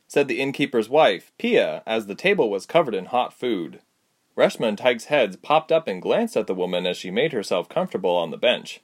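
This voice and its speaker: A man narrating a storybook, reading with lively character voices. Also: lowish voice, moderate pace. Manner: very animated, expressive delivery. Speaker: audiobook narrator.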